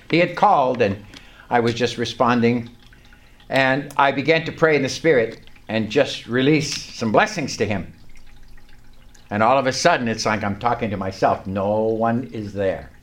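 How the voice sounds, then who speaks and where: An older speaker, giving a personal testimony to a small group in an animated storytelling way, acting out prayers and chuckling. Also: medium pitch, measured pace. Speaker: lay preacher sharing testimony.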